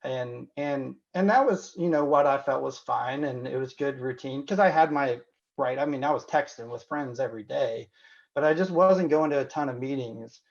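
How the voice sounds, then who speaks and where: A man from Indiana talks through an interview in a reflective, candid way, often pausing on "you know" and starting sentences over. His voice has a gravelly edge, and the audio is dull and lo-fi. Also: medium pitch. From Indiana, USA. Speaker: physician and podcast guest.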